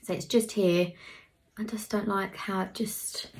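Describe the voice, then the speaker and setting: A woman's voice: mid-range voice, fairly even intonation, unhurried, vocal fry. A young woman giving a casual hair tutorial, chatting as she works and dropping into murmurs now and then. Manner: chatty, talks while working, drops into murmurs. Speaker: hairstylist vlogger.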